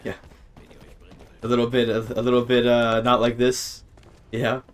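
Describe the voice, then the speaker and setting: A man's voice: mid-range voice, monotone, measured pace, a little hiss or hum. Rambling male streamer thinking aloud. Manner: rambling, self-interrupting, swears freely. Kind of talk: casual gaming stream chat.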